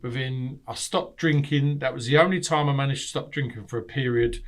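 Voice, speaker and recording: A middle-aged man, a podcast guest telling candid stories, animated and swearing freely, acting out what people said. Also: medium pitch, fairly quick. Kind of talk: candid storytelling.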